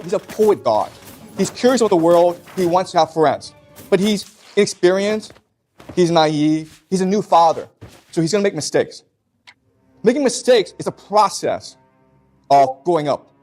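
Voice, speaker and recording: A man's voice: fairly high pitch, a little mellow. A man teaching a class in an emphatic way, often stopping to check that his students follow. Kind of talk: classroom lecture.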